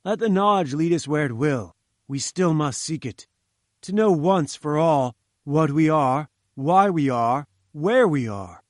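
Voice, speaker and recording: A man's voice: a little high, lively intonation, measured pace, dry recording, studio quality. A man voicing an imperious, scornful older male scientist who talks in curt commands, in an audiobook reading. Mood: angry.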